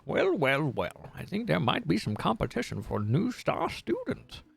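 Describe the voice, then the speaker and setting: A fussy talking dog professor, put on by a man in a cranky old-man voice. He lectures in a high, gravelly, jumpy tone, with faint guitar music underneath. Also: wildly swooping pitch, moderate pace, heavily acted. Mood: lecturing.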